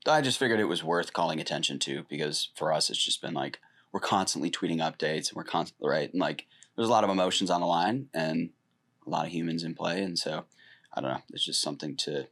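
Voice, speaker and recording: A man with a very deep, gravelly voice co-hosts a casual podcast. He talks in an easygoing way, leans on filler words and keeps tossing questions to his partner. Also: fairly quick, a bit bright. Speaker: podcast co-host.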